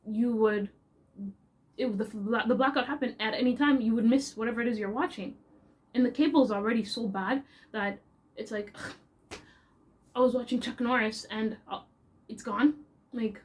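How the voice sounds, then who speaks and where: Chatty young Canadian woman telling stories. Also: on the high side. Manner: animated, chatty and expressive. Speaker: vlogger. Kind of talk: casual storytelling.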